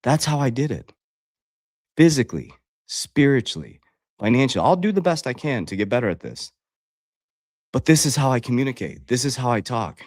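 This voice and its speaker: A man's voice: medium pitch, big pitch swings, normal speed, pauses often, a little mellow, dry recording, studio quality. A man speaking as a life coach on a livestream, blunt and confrontational, swearing freely and talking straight to his viewers. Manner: addresses viewers directly as guys. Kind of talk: livestream motivational talk.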